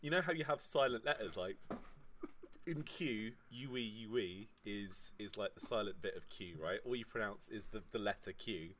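A man's voice: lowish voice, normal speed, a bit bright. A man, a guest on a podcast, rambling and joking in casual chat and often laughing. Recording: noticeable background noise.

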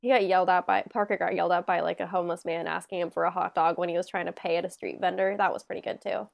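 A young woman co-hosting a podcast, telling a story in a casual, animated way, full of "like" and acted-out quotes. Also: lowish voice, very fast, vocal fry. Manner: animated storyteller, lots of "like", acts out overheard lines. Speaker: podcast co-host. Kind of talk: casual chat.

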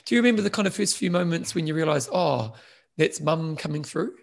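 Fast-talking raspy-voiced male host. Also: a little high, animated. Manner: quick, restarts phrases. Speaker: interview host. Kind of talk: casual interview chat.

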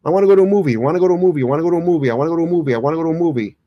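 A man's voice: on the high side, very fast, highs cut off, pitched above the performer's own voice, lightly acted. A man mimicking a whiny child who nags over and over for treats. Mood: whining. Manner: nagging, repetitive. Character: whiny demanding young child.

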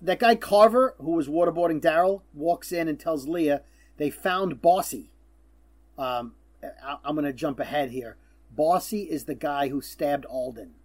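A man's voice: a little high, unhurried. A man co-hosting a casual podcast, recapping a TV episode in a chatty way and acting out lines. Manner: chatty, acts out quotes with loud bursts. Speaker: podcast co-host.

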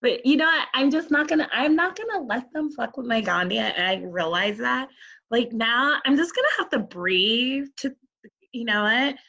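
A woman's voice: a little high, expressive, normal speed, vocal fry, sharp tone. A woman co-hosting a podcast in casual chat, chatty and laughing often, with loose swearing. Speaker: podcast co-host. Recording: slightly dull, lo-fi audio.

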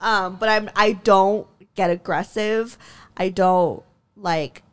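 A woman's voice: slow, smooth. Heated, swearing young woman telling a story. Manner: heated, profane, frequent laughs, many "like" fillers; jumps in pitch when worked up. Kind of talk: casual chat.

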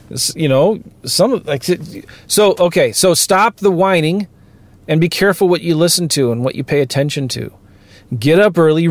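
Guy on a vlog, kinda high voice, rambles, cuts himself off a lot, car noise behind. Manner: rambling, self-interrupting, emphatic. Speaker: real estate investing vlogger. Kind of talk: casual motivational talk to camera.

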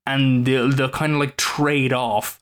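A man's voice: mid-range voice, little pitch movement, slow, fairly bright tone, clean tone. A man co-hosting a casual film podcast, rambling with lots of fillers and restarts. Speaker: podcast co-host.

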